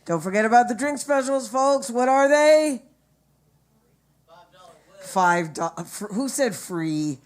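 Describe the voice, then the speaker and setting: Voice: medium pitch, expressive, takes it slowly, pauses often. An open mic host introducing acts and announcing drink specials in an easygoing, chatty way. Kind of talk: emceeing announcements.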